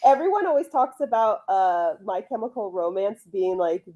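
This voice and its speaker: A woman's voice: mid-range voice, very animated, normal speed, warm tone, highs cut off. A woman hosting a casual livestream chat, blunt, profane and joking. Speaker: host.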